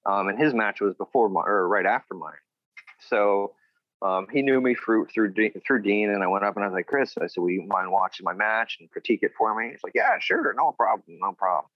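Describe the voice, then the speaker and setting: A man's voice: fairly low pitch, animated, brisk, no echo, lo-fi sound. A man, a former wrestler, telling rambling stories in a casual interview and acting out what others said. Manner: rambling, acts out quotes of others.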